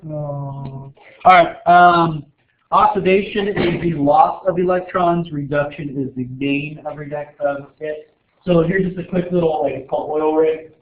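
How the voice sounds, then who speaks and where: A man's voice: on the high side, moderate pace. A man teaching a chemistry class in a casual, joking way, rambling with lots of filler words. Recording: echoey room over a tinny, phone-like line.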